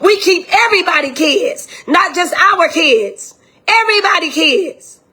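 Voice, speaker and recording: A woman's voice: very high voice, animated, a little slow, pushed and bright. An older woman, a grieving grandmother speaking in an impassioned, indignant way straight to her viewers. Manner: indignant, impassioned, repetitive direct address. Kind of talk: emotional direct-address video.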